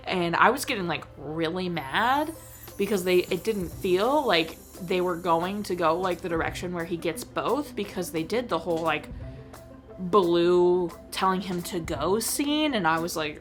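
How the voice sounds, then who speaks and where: A young woman hosting a film review channel, chatting casually and excitedly, with lots of fillers. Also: fairly low pitch, moderate pace, soft background music. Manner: animated, gushing, filler-heavy with frequent "like". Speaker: host reviewing films. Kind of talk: casual chat.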